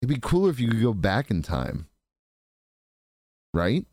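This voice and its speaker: A man's voice: medium pitch, very animated, unhurried, darkish tone, no echo, studio quality. A man co-hosting a podcast, rambling and joking with lots of swearing. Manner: rambling, profane, jokey, puts on silly voices. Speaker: podcast co-host. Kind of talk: casual podcast banter.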